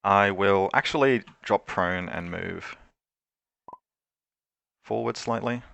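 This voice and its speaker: Casting: man with a low, gravelly voice, casual wargame commentary, talks himself through moves, dry close sound. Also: slow pace, fairly bright tone, no echo. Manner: thinks aloud through moves, hedging and self-correcting. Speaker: tabletop wargame player. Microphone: remote call.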